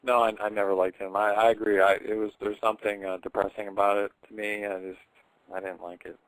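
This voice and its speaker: A man joining a casual radio chat as a guest, who speaks in a hesitant, halting way. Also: lowish voice, flat delivery, a bit bright, no echo, poor audio.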